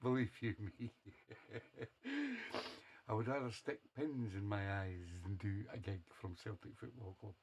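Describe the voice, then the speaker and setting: A man's voice: lowish voice, a little fast, hardly any pauses, noisy background. A man hosting a radio show, chatting casually between songs in a jokey, teasing way and chuckling often. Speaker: radio DJ host.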